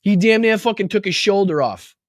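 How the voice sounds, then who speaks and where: A man's voice: sits high, expressive, fairly quick, dry recording, clean studio sound. A male political talk show host ranting angrily and mockingly, swearing constantly. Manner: angry, heavy swearing, mocking. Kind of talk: profane political rant.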